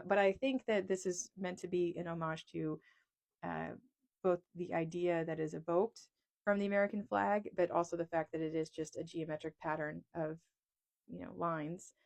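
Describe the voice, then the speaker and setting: A woman's voice: on the low side, gravelly. A woman from East Texas, an economist, talking casually and frankly to camera, joking at her own expense, recorded in a small closet on a lapel mic. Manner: chatty, self-deprecating, frank. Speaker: economist and video creator. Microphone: lapel mic clipped on a pencil.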